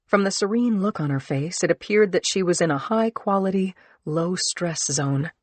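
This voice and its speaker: Woman audiobook narrator, lowish and dry, measured earnest first-person read. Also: lively intonation, darkish tone, dry recording.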